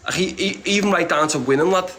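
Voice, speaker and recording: A blunt, streetwise man chats casually as a guest, swearing freely as he talks. He rambles and restarts his sentences often. His voice sits a little higher than most men's. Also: quick pace, fairly bright tone. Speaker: interview guest. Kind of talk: casual conversation.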